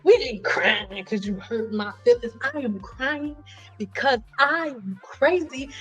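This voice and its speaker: A woman hosting a casual livestream chat, telling stories in an animated way, acting out the voices she quotes and joking bluntly with her viewers. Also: fairly high pitch, dull audio. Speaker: livestream host. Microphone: computer mic on a livestream.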